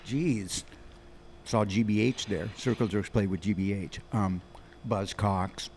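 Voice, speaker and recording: A man in his sixties with a lowish voice rattles off stories in fast, animated bursts, stopping and restarting his sentences. He speaks as a musician guest on a podcast. A faint hiss sits under him. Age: 60s. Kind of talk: rambling storytelling in an interview.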